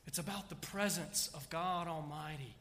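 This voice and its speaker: A man's voice: a little high, moderate pace, sharp tone, long reverb tail, a little hiss or hum. A man preaching a sermon as pastor, reading scripture aloud with emphatic, rising recitations. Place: church sanctuary.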